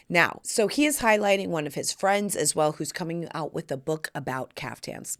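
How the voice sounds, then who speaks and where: Animated brassy woman podcast host. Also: low-pitched, normal speed, few pauses. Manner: animated, brassy storytelling with playful asides. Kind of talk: casual chat.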